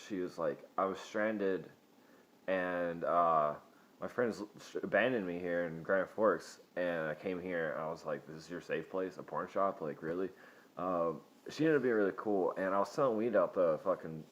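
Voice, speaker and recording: A young man with a very deep, low voice tells wild stories in a loose, rambling way, swearing constantly and breaking into laughs. The sound is dull and lo-fi. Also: moderate pace. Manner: profane, rambling, laughs often. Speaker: vlogger. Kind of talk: casual storytelling.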